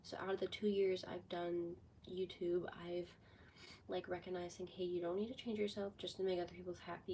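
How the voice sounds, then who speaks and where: A sixteen-year-old girl chatting casually on a livestream, rambling with lots of "like", her voice a bit hoarse from a cold. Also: on the low side, flat delivery, a little fast, darkish tone, distant mic, a little hiss or hum, low-quality recording. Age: teens. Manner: rambling, heavy use of "like". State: sick with a cold, voice going hoarse. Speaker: livestreamer answering chat.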